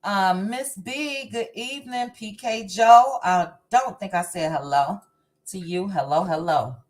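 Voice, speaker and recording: A woman hosts a casual live stream, calling out viewers' names one by one in a slow, easygoing rhythm. Her voice sits at a middle pitch, friendly and chatty. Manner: unhurried, warm greetings to chat viewers by name. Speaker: livestream host.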